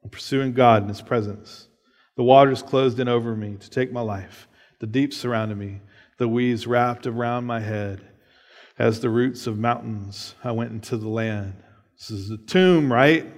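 A man's voice: mid-range voice, in a large hall. A man preaching a sermon, reading scripture aloud and explaining it in a casual way, often checking in with "right?". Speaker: pastor.

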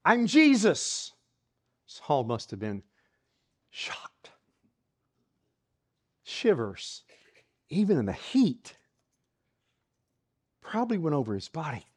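A preacher delivering a sermon at a slow, deliberate pace. The voice rises and falls widely, swinging from emphatic lines to hushed near-whispers while the story is built up scene by scene, with words often repeated. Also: mid-range voice, sing-song, breathy edge. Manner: dramatic retelling of a story, dropping to hushed whispers.

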